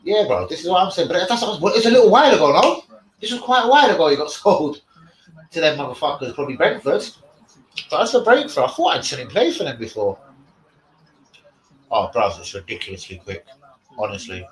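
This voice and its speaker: A man's voice: a little high, very animated, a little fast, long pauses. A man, rambling and swearing in casual live-stream chat as the host. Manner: rambling, slangy, swears a lot. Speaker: livestream host. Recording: echoey room.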